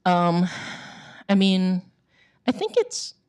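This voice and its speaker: A woman's voice: lowish voice, very animated, slow, darkish tone, clean tone. A middle-aged woman, an author, giving a chatty talk to a bookstore audience, with many fillers and emphatic repetition. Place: bookstore event space.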